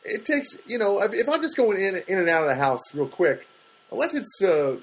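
A middle-aged male stand-up comedian rambles through a comedic monologue at a moderate pace, his husky voice caught on a low-quality recording. He's animated, acting out what people said to him with big jumps in pitch for the quoted voices.

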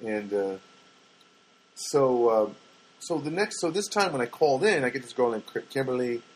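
A man's voice: mid-range voice, lively intonation, moderate pace. An older man hosting a casual solo podcast, telling rambling everyday anecdotes with wry asides and frequent self-corrections. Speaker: podcast host.

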